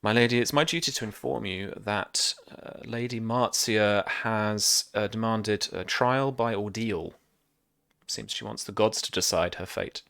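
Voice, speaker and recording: A man's voice: on the low side, gravelly, fairly bright tone. A man playing a formal courtly spymaster lord. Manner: measured, formal courtly speech.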